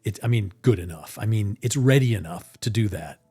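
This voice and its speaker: A man talking casually on a live stream about making his tarot deck, rambling and animated, restarting his sentences as he goes. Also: lowish voice, brisk, breathy edge, soft background music. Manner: rambling and animated, acting out his own reactions.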